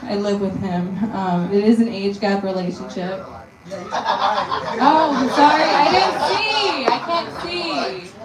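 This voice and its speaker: A young woman from Texas doing a stand-up comedy set in a deadpan, self-deprecating way. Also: mid-range voice, slow, a loud crowd, heavy background noise. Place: comedy venue with audience. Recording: roomy live sound from a distant mic.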